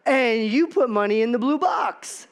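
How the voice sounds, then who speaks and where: A man's voice: extremely high pitch, animated, unhurried, pitched above the performer's own voice, full character voice. A man voicing Satan as a sly male tempter, coaxing and wheedling.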